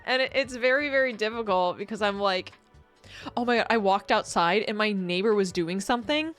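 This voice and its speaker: A woman's voice: medium pitch, fairly quick, fairly bright tone, soft background music. A woman streamer in casual chat, rambling and laughing often as she reads chat messages.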